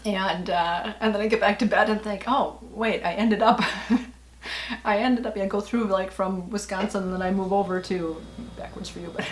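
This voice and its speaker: A woman's voice: medium pitch, steady tone, moderate pace, roomy sound, slight background noise. A middle-aged woman vlogging in a casual, rambling way, with many fillers and small laughs. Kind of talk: casual personal vlog talk.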